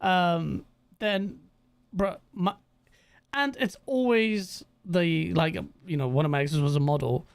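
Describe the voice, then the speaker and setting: A man's voice: high voice, slow, gravelly, clear, resonant tone, no echo. A man hosting a podcast, teasing his guest with laughing banter. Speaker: podcast host. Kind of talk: casual chat.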